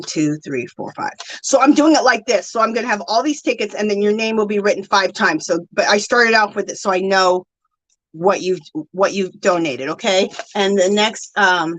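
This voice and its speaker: A woman's voice: medium pitch, a bit bright, dry recording, rough recording. A woman hosting a casual craft live stream, gushing thanks to viewers and counting aloud.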